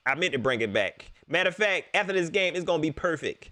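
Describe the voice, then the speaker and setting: Animated, bright-voiced sports fan man. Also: a little high, fast talker, no echo. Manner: animated, repeats himself, laughs often; talks straight to viewers. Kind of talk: excited casual sports preview chat.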